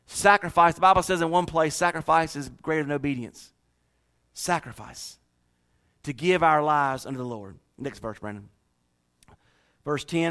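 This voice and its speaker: Southern male pastor, folksy sermon, bright ringing tone. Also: a little high, moderate pace, long pauses. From North Carolina. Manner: folksy, joking with the congregation. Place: church.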